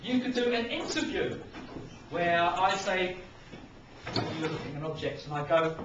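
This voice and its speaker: A young man leads a lesson for small children, upbeat and full of encouragement. His fairly high voice bounces around a very echoey hall. He is away from the mic, so the sound is dull and carries background noise. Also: animated, normal speed, long pauses. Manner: upbeat, encouraging, demonstrates with acted examples. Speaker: museum educator. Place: large museum hall. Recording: echoey, distant, muffled, noisy.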